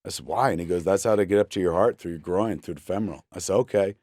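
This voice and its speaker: Animated storytelling man, dry close sound. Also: sits low, fast talker, dry recording. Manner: animated, acts out every quoted person. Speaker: guest. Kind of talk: comic storytelling in a chat.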